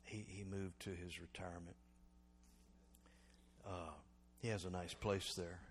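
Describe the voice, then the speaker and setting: A man preaching a sermon as pastor, calling for responses from the congregation and swinging between loud exhortation and quiet reflection. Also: low-pitched, level tone, measured pace, slight background noise.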